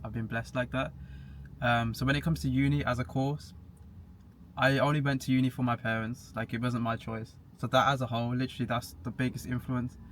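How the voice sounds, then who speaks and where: A man's voice: medium pitch, level tone, a little fast, a bit bright. A young man chatting casually as a podcast guest, matter-of-fact and laughing at himself now and then. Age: young adult. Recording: faint background hiss.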